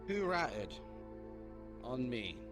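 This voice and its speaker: Calm, probing man with lively pitch. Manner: calm, probing, drawn-out murmured agreement. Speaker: streamer roleplaying a gang leader. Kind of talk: in-character roleplay dialogue. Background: background music.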